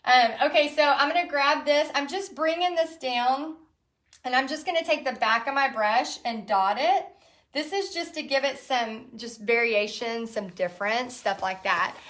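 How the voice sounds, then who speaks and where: A woman hosting a live step-by-step painting lesson, chatty and quick to laugh as she reads out viewer comments. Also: high voice, a bit bright. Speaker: painting instructor and host.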